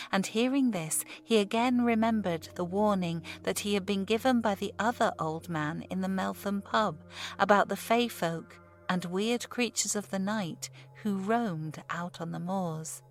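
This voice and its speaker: A woman narrating a horror audiobook in a measured, steady storytelling voice. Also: mid-range voice. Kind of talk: scripted narration.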